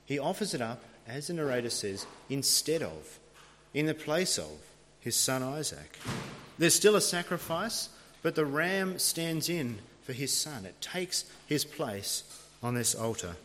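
A man's voice: mid-range voice, big pitch swings, a little slow, a bit bright, a little hiss or hum. A man preaching a sermon, retelling a scripture story in a dramatic storytelling manner. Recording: long reverb of a large hall.

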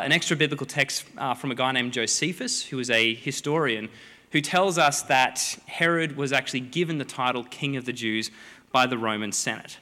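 A man preaching a sermon, a lively, joking storyteller who acts out the people in the story. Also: mid-range voice. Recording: long hall reverb.

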